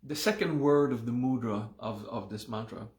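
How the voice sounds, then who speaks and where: A man teaching a live meditation class, explaining a mantra and its hand gesture at an unhurried pace and often checking in with "okay?". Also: mid-range voice, echoey room.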